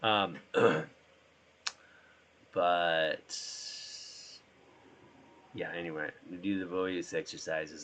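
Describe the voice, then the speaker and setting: A hoarse man, sick, chatting casually and rambling as he streams himself playing a drone simulator. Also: low voice, steady tone, drawn-out words, pauses often, a bit bright, slight background noise. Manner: rambling, trails off.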